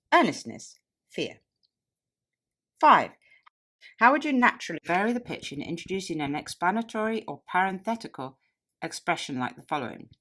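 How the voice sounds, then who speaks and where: Woman narrator for a speaking-manual audiobook: a low-set voice, very animated pitch, deliberate delivery. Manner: expressive, deliberate reading with marked pitch contrasts. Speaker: audiobook reader and toastmaster.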